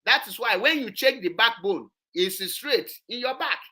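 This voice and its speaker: A woman's voice: a little high, expressive, moderate pace, sharp tone. A woman, hosting an online show and commenting on a played clip, emphatic and repetitive. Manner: emphatic, repetitive, switches into Igbo.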